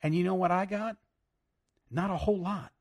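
A man preaching a sermon, emphatic and plain-spoken, with loud bursts, hushed asides and frequent laughs. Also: sits high, normal speed.

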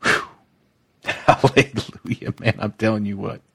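A man's voice: fairly low pitch, fairly even intonation, measured pace, creaky, fairly bright tone, husky. A man preaching a devotional teaching, exuberant and emotional, leading listeners to repeat phrases after him. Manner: exuberant, emotional, leads call-and-response repetition. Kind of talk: devotional teaching, podcast-style.

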